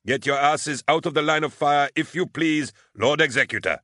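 A man's voice: on the high side, normal speed, sharp tone, no echo, clean studio sound, voice pushed up. A man voicing a sardonic male infantry commander with dryly polite sarcasm.

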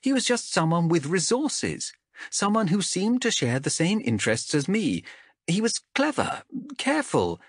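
A stubborn, defensive young woman explorer speaking earnestly, quick to snap back, put on by a man. Her voice sits higher with a lively swing. The recording is dry and close. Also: dry recording, heavily acted. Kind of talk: audiobook character voice.

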